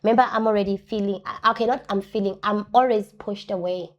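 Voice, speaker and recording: A woman giving personal testimony as an interview guest. She talks earnestly, repeats key phrases for emphasis and acts out other people's words in lively voices. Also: mid-range voice, brisk, lo-fi sound.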